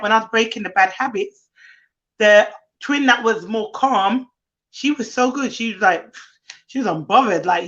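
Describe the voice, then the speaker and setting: In muffled, lo-fi stream audio, a nanny who co-hosts tells lively stories in relaxed conversation, slipping into kids' voices as she goes. She speaks at a normal speed, her voice on the higher side.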